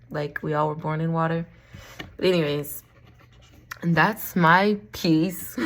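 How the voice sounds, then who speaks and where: Chatty, laughing woman vlogger. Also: medium pitch. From Florida. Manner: chatty and rambling, laughs often, says y'all. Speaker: vlogger and crystal seller. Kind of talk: casual chat to camera. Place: at home.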